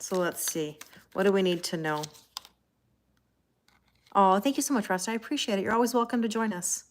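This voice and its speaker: A woman's voice: medium pitch, brisk. A Canadian woman with a Canadian accent, giving a casual live-stream tarot reading and answering viewer comments. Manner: chatty, laughs often, answers viewer comments. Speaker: tarot reader.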